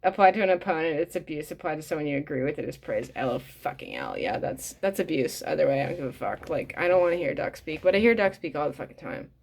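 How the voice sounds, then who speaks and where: A woman's voice: low-pitched, sing-song, quick pace, vocal fry, hardly any pauses, a little mellow. A woman reading a book aloud and commenting bluntly and casually, swearing often with plenty of fillers. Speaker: reader and commentator.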